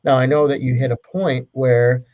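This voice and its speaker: A man's voice: mid-range voice, level tone, moderate pace, muffled recording. A man co-hosting a casual podcast, talking with many fillers and restarts. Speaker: podcast co-host. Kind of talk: casual chat.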